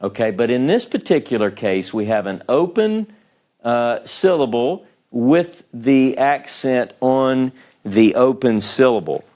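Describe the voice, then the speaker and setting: A man teaching a small class in a meeting room, speaking slowly and patiently. He breaks each point down step by step and keeps checking whether the students are following. His voice sits at an ordinary middle pitch. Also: expressive, a little mellow. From United States. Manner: patient, explains step by step, frequent "okay?" checks. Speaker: Hebrew teacher. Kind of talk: classroom lecture at a whiteboard.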